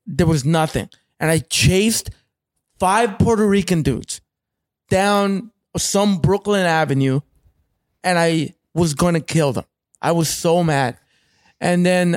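A Canadian man tells a rowdy story in a high, lively voice, swearing freely and slipping into other people's voices. The sound is close and dry, with no room around him. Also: takes it slowly, dry recording. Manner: profane, animated, acts out other people's voices. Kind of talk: casual storytelling.

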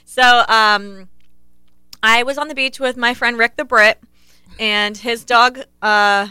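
Bright, crisp-voiced American woman storyteller. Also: on the high side, slow, no echo. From United States. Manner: animated storyteller, laughs often. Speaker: co-host. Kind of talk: casual podcast chat.

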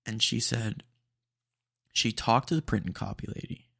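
Gravelly laid-back male podcast host. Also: lowish voice, normal speed, fairly bright tone, no room sound, clean studio sound. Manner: rambling, filler-heavy, laid-back slang. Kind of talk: casual rambling chat.

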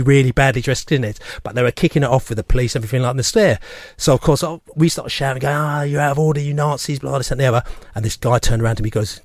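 A man chats in a studio and wanders through a long anecdote, restarting his sentences as he goes. His voice sits at a middle pitch and sounds dry and close to the mic. He acts out the other people in his story as he tells it. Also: no room sound. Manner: rambling, animated, acts out quoted voices. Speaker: fan show regular. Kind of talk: casual radio chat, storytelling. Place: radio studio. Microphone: studio microphone.

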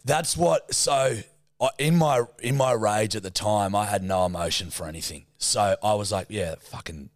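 A young adult man with an Australian accent, co-hosting a podcast and telling an animated, sweary story in casual chat. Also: lowish voice, moderate pace, no echo, clean studio sound. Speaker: podcast co-host.

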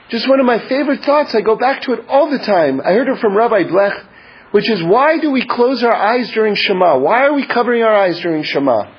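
A man giving a spoken religious teaching built around a personal story, halting and repeating words, growing more intense toward his point. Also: high voice, expressive, breathy edge. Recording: dull lo-fi recording.

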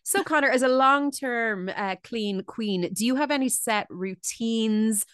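A woman's voice: fairly high pitch, unhurried, a bit bright, no room sound, studio quality. A woman co-hosting a podcast, chatting casually in a rambling way with lots of likes and ums. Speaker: podcast co-host.

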